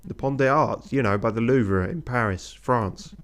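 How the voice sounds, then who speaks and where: A man's voice: medium pitch, moderate pace, fairly bright tone, close to an everyday voice. A man voicing a chatty male fisherman who talks in a breezy, blunt way.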